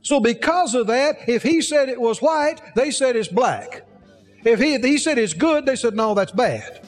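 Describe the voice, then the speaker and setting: A man's voice: very high-pitched, expressive, normal speed, big-room sound, faint music behind. A man preaching a sermon, emphatic, asking the congregation rhetorical questions.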